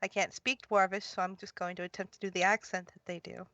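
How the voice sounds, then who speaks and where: A woman playing a tabletop role-playing game, talking in a playful, deliberate way. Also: medium pitch, level tone, fairly bright tone, dry recording. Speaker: player. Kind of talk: casual tabletop play. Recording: dull lo-fi mic.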